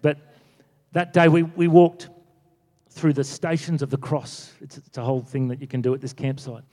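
A man's voice: mid-range voice, little pitch movement, normal speed, warm tone. A middle-aged man preaching a sermon, telling stories with animation and acting out the quotes. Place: church. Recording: echoey church hall.

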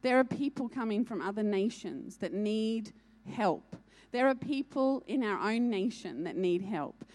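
A woman's voice: mid-range voice, lively intonation, measured pace, hardly any pauses, darkish tone. A woman preaching a sermon, urgent and earnest, repeating key lines for emphasis.

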